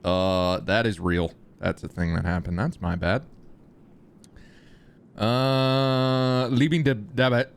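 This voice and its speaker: A man's voice: fairly low pitch, steady tone, slow pace, vocal fry, clear, resonant tone. A man streaming a police roleplay, chatting casually, laughing often and swearing. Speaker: streamer playing a police chief.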